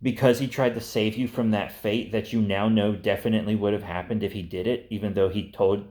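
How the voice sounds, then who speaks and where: Low-voiced man rambling about ideas. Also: steady tone, brisk, mellow. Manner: rambling, profane, with frequent fillers. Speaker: host. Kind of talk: casual pitching of movie ideas.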